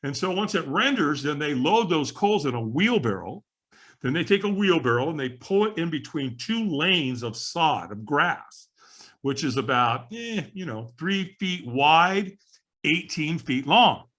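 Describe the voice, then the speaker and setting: A man telling a story in a casual interview, his voice swinging widely as he acts out what others said. The tone is a bit husky and sits fairly high for a man. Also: big pitch swings, measured pace, a bit bright. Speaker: podcast guest.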